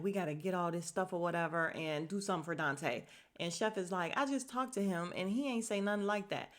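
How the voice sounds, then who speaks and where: A woman casually recapping a TV episode for her podcast, acting out the characters' lines and laughing as she goes. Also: on the low side. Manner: animated storyteller, acts out characters' lines, laughs often.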